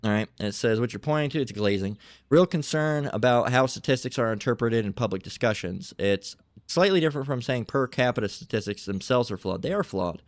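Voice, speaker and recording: A man's voice: medium pitch, expressive, fairly quick, dry recording. A man commentating and reading aloud in a combative way, repeating himself, swearing freely and keeping on asking "all right?". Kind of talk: heated commentary and bible reading.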